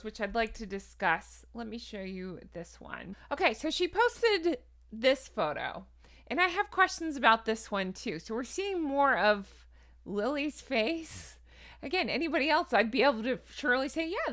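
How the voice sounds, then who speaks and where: A woman's voice: on the high side, very animated, moderate pace, a bit bright. A woman hosting an opinionated celebrity commentary, sarcastic and incredulous, hedging her claims with asides. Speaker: commentary host.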